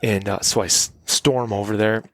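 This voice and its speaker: A man telling hunting stories in a relaxed, animated podcast conversation, acting out the people in his tales. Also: fairly low pitch, normal speed, dry recording. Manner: animated, acts out quotes. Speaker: guest hunter. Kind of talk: casual storytelling. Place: cabin.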